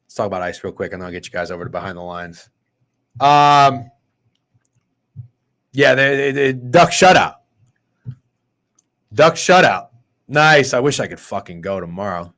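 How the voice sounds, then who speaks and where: A man's voice: fairly low pitch, animated, unhurried, long pauses, fairly bright tone. A man in his thirties hosting a sports betting podcast, brash, profane and trash-talking in casual chat. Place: podcast studio.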